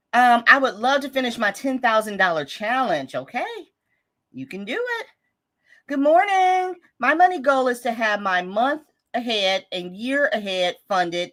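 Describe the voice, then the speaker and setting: A woman's voice: mid-range voice, a bit bright. A woman hosting a casual budgeting live stream, reading viewer comments aloud in an upbeat, encouraging, chatty way. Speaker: budgeting livestream host.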